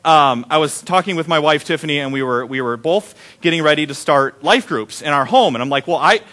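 A pastor giving a sermon, telling stories in a conversational, animated way. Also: male voice, on the high side, a little fast.

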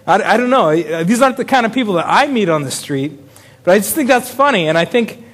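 Man, pastor, casual sermon, chuckling, hesitant restarts, high pitch. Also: expressive, quick pace, a bit bright.

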